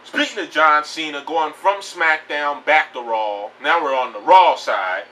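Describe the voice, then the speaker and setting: A man's voice: a little high, a little slow, sharp tone, far from the mic, poor audio. A man giving a blunt, profane, rambling rant about pro wrestling news in a casual home video. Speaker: wrestling vlogger.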